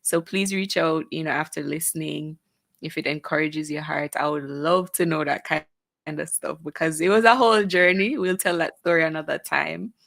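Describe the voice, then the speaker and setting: A woman's voice: low voice, normal speed, gravelly, a bit bright, no echo. A woman singer being interviewed in a radio studio, modest and giggly.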